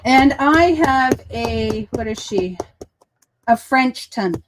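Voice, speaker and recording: A woman's voice: fairly high pitch, takes it slowly, noisy background. A woman hosting a casual crafting livestream, chatting and telling stories while she works. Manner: chatty, storytelling. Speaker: host.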